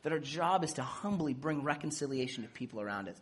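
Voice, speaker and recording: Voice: mid-range voice, quick pace, husky. A parent giving a casual sermon, acting out quoted dialogue and joking while teaching. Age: adult with children. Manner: animated, acts out quoted dialogue; jokes and laughs while teaching.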